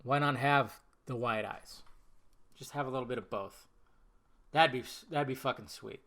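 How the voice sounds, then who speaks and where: A man hosting a podcast, answering viewer questions in a casual live chat with profane, animated rants. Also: medium pitch, moderate pace. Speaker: podcast host.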